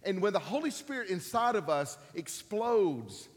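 A man in his fifties preaches emphatically, repeating key phrases and climbing to loud, forceful peaks. His voice sits fairly high, and it rings with the long reverb of a church hall. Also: big pitch swings, measured pace. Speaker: pastor. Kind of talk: sermon.

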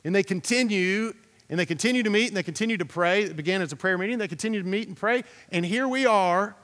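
A man's voice: high voice, fast talker, a bit bright, in a large hall. A man preaching a sermon as a pastor, talking in a conversational, storytelling way, repeating himself and putting questions to the congregation.

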